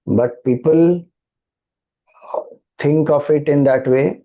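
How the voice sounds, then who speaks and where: A man with an Indian English accent, a spiritual teacher giving a devotional talk and answering questions in a slow, measured, calm cadence. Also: on the high side, muffled recording.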